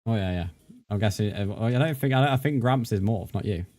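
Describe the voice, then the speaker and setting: Low-voiced man rambling on stream. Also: fairly quick. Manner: rambling, chatty, thanks viewers warmly by name. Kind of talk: casual live-stream chat while gaming.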